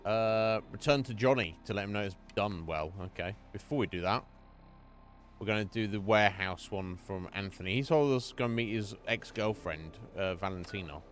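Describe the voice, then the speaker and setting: A man's voice: fairly low pitch, normal speed, faint music behind. A man streaming a game, chatting loosely, swearing and laughing at what happens. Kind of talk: live gaming commentary.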